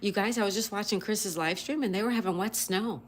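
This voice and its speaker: A mid-range female voice, brisk, with slight background noise. On her casual livestream, she greets viewers by name, reads chat aloud, and spells out crossword answers one letter at a time.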